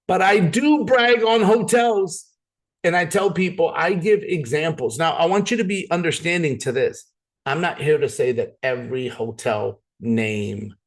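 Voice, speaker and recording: A man giving an energetic, persuasive sales presentation, often repeating words as he pushes ahead. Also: medium pitch.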